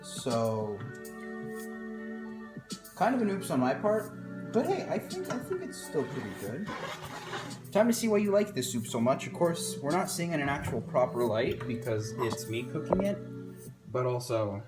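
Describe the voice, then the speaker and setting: A home cook rambles through a casual cooking vlog, joking at their own expense and leaning on fillers. The voice is lively and swings around in pitch. It rings through an echoey room with faint music underneath. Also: measured pace, pauses often. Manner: rambling and self-mocking, lots of fillers.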